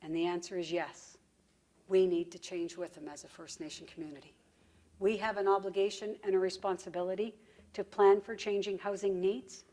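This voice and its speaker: A woman's voice: medium pitch, fairly even intonation, normal speed, mellow. A woman giving a conference presentation in a direct, folksy storytelling manner.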